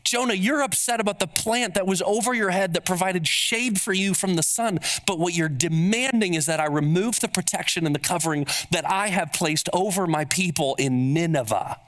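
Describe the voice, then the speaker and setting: A man's voice: high-pitched, moderate pace, hardly any pauses, a bit bright. A man voicing God as a patient, probing figure who asks pointed questions. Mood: challenging.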